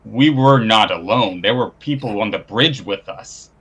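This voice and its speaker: A man playing in a live-play tabletop game, speaking in a measured, formal, halting way. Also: on the low side, fairly bright tone, breathy edge, dull audio. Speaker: player.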